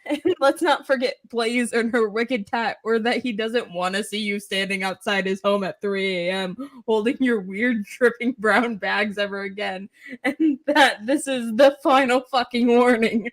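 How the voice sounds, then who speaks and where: A woman's voice: on the high side, fairly even intonation, a little slow. A woman co-hosting a casual podcast, giving teasing, mocking commentary. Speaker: podcast co-host. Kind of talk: casual chat.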